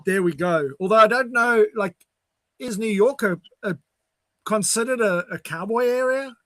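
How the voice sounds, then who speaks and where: A man's voice: high voice, moderate pace, a bit bright, dry recording. Chatty man hosting a call. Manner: chatty, upbeat sign-offs. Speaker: host. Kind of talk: casual livestream chat.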